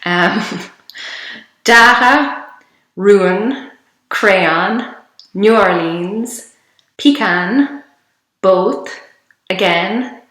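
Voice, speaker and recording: A woman's voice: mid-range voice, extremely slow, pauses often, a bit bright, roomy sound. A young Irish woman vlogging casually, reading a list of words aloud and laughing often between them. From Ireland.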